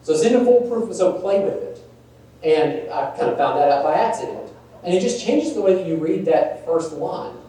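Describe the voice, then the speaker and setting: A man presents a conversational workshop on email marketing in a large meeting room, quizzing listeners and poking fun at stiff phrasing. His voice is high-leaning, animated, and mellow, at a moderate pace. The recording has echo, a distant mic, and faint room noise.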